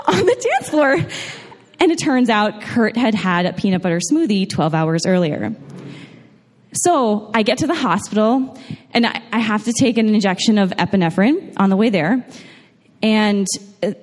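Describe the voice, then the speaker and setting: A woman's voice: medium pitch, darkish tone. A young woman from New York telling a funny personal story to a live audience, chatty, with frequent laughs and restarts. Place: large room with an audience. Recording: long hall reverb.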